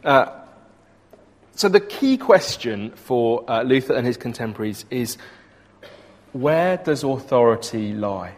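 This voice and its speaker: A man's voice: medium pitch, lively intonation, measured pace, long pauses. A man preaching to a congregation, telling history in a conversational way with many hesitations. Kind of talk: sermon with a history lesson. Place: church hall with an audience. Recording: long reverb of a large hall.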